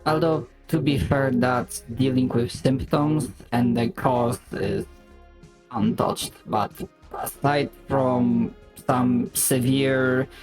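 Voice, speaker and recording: A man voicing a calm, formal male medical robot in voice chat role-play, with a polite and clinical manner. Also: medium pitch, close to an everyday voice, rough recording.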